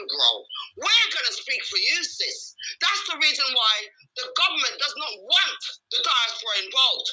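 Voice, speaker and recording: Woman, angry caller, impassioned, high pitch, very bright. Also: low-quality recording. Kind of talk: call-in radio rant.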